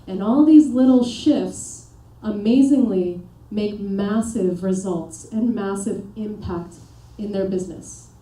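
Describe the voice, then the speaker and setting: A woman working as a performance coach, giving an energetic motivational seminar and pushing the audience with questions and commands. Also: mid-range voice, slow pace, hardly any pauses. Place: seminar room with a live audience. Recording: echoey room, voice picked up from a distance.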